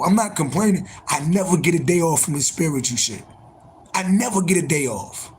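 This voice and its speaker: High-pitched, expressive, and fairly quick, this man's somewhat dark, slightly rough voice comes through a low-quality recording. An adult January-born spiritual reader hosting a casual livestream, he swears often, hammers points by repeating them, and sounds strained while sirens and horns blare nearby.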